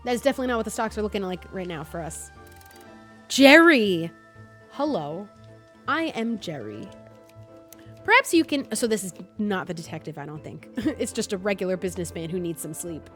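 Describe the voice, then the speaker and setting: A woman's voice: mid-range voice, fast talker, soft background music. A young woman from North Jersey with a light North Jersey accent, chatting casually while streaming a game. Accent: North New Jersey. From North New Jersey. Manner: chatty, animated, self-deprecating. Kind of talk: casual gaming commentary.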